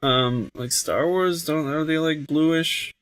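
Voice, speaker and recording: A man's voice: a little high, takes it slowly, fairly bright tone. A young man co-hosting a let's play, teasing his partner and joking goofily. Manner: goofy, teasing. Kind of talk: casual gameplay chat. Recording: faint game music behind.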